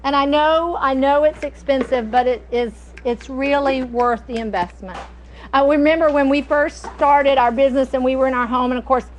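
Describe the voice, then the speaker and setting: Chatty high-voiced woman. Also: rough recording. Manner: chatty, storytelling, folksy. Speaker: cooking class host. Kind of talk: casual cooking demonstration.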